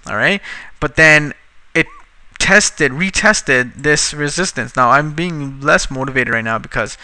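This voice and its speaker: Guy doing a casual trading lesson at his desk, super bright crisp voice, dry close sound, kinda fed up and cussing. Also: a little high, no room sound. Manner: casual, frustrated, swears at slow computer. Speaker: trading instructor. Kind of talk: screen-recorded tutorial.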